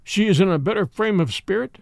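A man's voice: high voice, animated, brisk, creaky, no echo, clean studio sound. A man voicing a sly, sneering old nobleman who mocks his captive, with a harsh barking edge. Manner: leering, sudden harsh barking tone.

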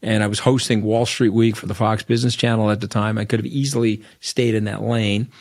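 A man's voice: lowish voice, level tone, brisk, vocal fry, a little mellow, dry recording, clean studio sound. A middle-aged man with a Long Island New York accent, a podcast guest telling stories in a blunt, rambling way and tagging lines with "okay?". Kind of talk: casual storytelling interview.

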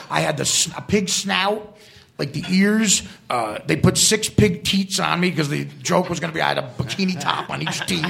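A man with a high, rough-edged voice spins long comic anecdotes at a live show. He is crude and self-mocking, and his lively pitch jumps around as he builds toward each punchline. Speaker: comedian guest. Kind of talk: comedic storytelling.

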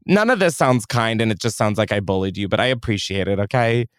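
A young man hosting a podcast in casual chat, animated and swearing freely. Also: fairly low pitch, brisk, clean tone, no room sound, studio quality. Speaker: podcast host.

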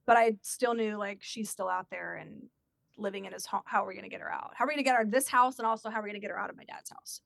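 A woman's voice: medium pitch, racing, creaky, no room sound, studio quality. A woman telling a personal story in a casual chat and acting out the voices of the people in it. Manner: animated, acts out quoted voices.

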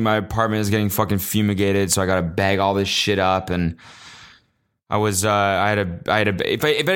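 Young male solo podcaster, low-pitched, casual and profane, jokes his way through stories. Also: fairly bright tone, smooth. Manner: rambling, profane, jokey storytelling; acts out quotes in exaggerated higher voices. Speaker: podcast host.

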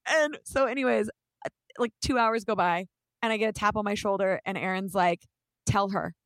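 A young adult woman casually telling an animated story, swearing offhand and acting out what people said. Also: medium pitch, a little fast, dry recording. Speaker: guest storyteller.

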